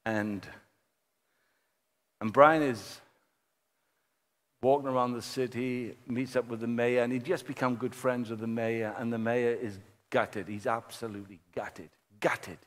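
A man preaching a sermon, telling a story in a lively way and acting out the people he quotes. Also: mid-range voice, measured pace, long pauses. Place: church hall. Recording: long church-hall reverb.

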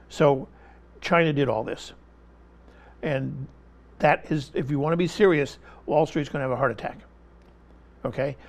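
A man with a creaky, medium-pitched voice appears as an interview guest, delivering impassioned political commentary. He speaks emphatically, hammering the same point repeatedly and talking over interruptions.

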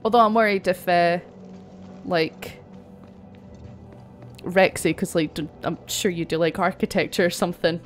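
A woman's voice: lowish voice, normal speed, long pauses, faint music behind. A young woman chatting casually while streaming a game, laughing often and swearing now and then. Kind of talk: casual chat while gaming.

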